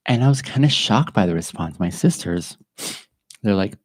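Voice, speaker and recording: A man with a very low voice speaks in an earnest, halting way, pausing and restarting as he reflects aloud on his podcast. He sounds emotional and close to tears. The recording is dry and close, with no room sound. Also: expressive, breathy edge, no room sound. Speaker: podcast host. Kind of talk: reflective personal monologue.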